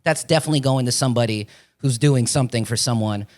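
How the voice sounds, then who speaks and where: Fast-talking, swearing storyteller man. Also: medium pitch, darkish tone. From Florida. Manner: rambling storytelling, profane, acts out voices. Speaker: podcast guest, actor. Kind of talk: casual chat.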